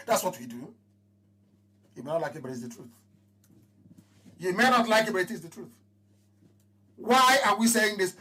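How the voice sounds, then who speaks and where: A man with a Nigerian accent gives an impassioned live address to his followers. He repeats his phrases and swings between raised proclamations and low mutters. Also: expressive, a little slow, long pauses, bright, forceful tone, slight background noise. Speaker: movement leader addressing followers.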